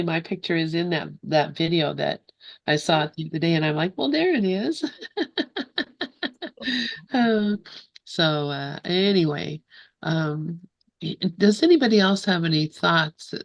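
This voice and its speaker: Woman, facilitator, gentle, hesitant, gravelly low voice, dry, lo-fi sound. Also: no echo. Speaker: group facilitator. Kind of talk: casual hosting.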